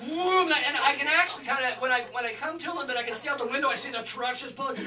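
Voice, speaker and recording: Guy doing stand-up, high voice, rambly and animated, far off mic in a roomy venue. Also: racing. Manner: animated, acts out quotes, rambling asides. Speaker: stand-up comedian. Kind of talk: stand-up storytelling. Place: live comedy venue. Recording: echoey room, far from mic, audience noise.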